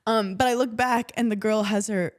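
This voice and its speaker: A woman's voice: fairly high pitch, moderate pace. A woman, co-hosting a podcast and telling funny stories in a casual chat, often laughing. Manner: animated storytelling with frequent laughter. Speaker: podcast co-host.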